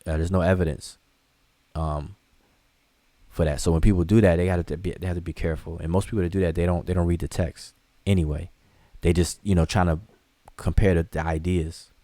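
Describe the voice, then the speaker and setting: A man's voice: low-pitched, little pitch movement, fairly quick, long pauses, mellow, dry recording. A man teaching a live online class, explaining loosely and conversationally with frequent restarts and fillers as he answers viewer questions. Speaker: hieroglyphics teacher.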